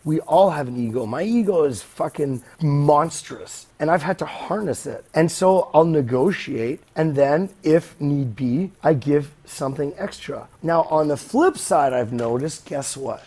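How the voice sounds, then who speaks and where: A man's voice: a little high, animated, measured pace, hardly any pauses, dark tone, slightly rough. A man hosting a podcast, talking in a rambling, profane and blunt casual monologue. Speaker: podcast host.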